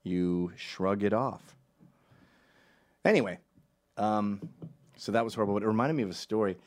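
A middle-aged man from Canada telling a funny personal story in a loose, animated way, acting out the voices of everyone in it. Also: on the low side, normal speed. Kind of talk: comedic storytelling.

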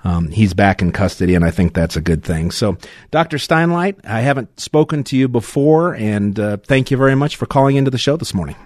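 A man's voice: mid-range voice, expressive, brisk, darkish tone, no echo, studio quality. A man hosting a talk radio show, chatting casually with jokes, fillers and restarts. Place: radio studio. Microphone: studio microphone.

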